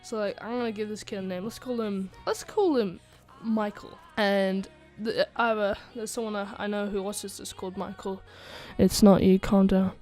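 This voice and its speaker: A woman's voice: mid-range voice, normal speed, few pauses, soft background music. A woman telling a casual storytime tale into a desk microphone, rambling with lots of fillers, restarts and giggly asides. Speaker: channel host telling a story.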